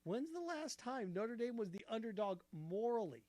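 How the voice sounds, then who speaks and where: Sports talk host, male, high-pitched, punchy and argumentative, close dry mic. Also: normal speed, no echo. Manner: animated, argumentative, rhetorical questions. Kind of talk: opinionated sports commentary.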